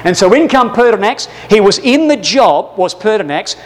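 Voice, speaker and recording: High-voiced man preaching a lively sermon. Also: moderate pace. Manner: lively storytelling with acted-out asides, keeps saying brothers and sisters.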